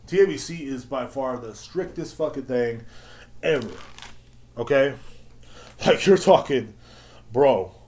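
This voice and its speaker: A man's voice: medium pitch, expressive, measured pace, long pauses, darkish tone. A young man hosting a podcast, ranting in a rambling, profane storytelling way, laughing often and acting out quotes. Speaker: podcast host. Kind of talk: casual solo rant. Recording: echoey room.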